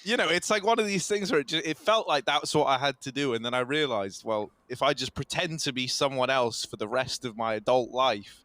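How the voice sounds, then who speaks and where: A man casting esports, easygoing and quick to laugh. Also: medium pitch, pushed and bright, no echo. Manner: giggly, easygoing. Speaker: esports caster. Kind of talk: casual commentary banter.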